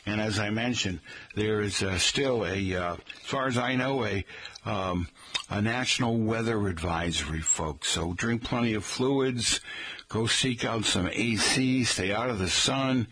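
Folksy New radio host, husky. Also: male voice, lowish voice, a little slow, a bit bright. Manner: folksy, rambling, keeps calling listeners "folks". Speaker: radio talk show host. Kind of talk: casual radio chat.

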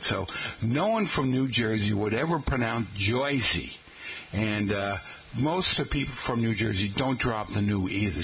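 A man's voice: mid-range voice, a bit bright, low-quality recording. A man, a teacher giving a folksy talk-radio style lesson on regional pronunciation, spelling words out letter by letter and calling his listeners folks. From Boston area, Massachusetts.

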